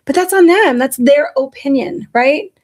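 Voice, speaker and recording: A woman's voice: sits high, moderate pace. A woman in her forties, a podcast host telling candid stories in casual chat, blunt and profane. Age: 40s. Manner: blunt and profane, animated storytelling.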